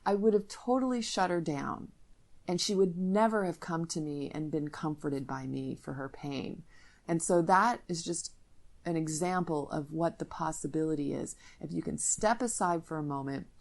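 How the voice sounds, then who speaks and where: Woman, middle-aged, low voice, gravelly, parenting podcast host, candid storyteller. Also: moderate pace, darkish tone. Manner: candid, storytelling, self-interrupting restarts. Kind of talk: podcast teaching talk with personal stories.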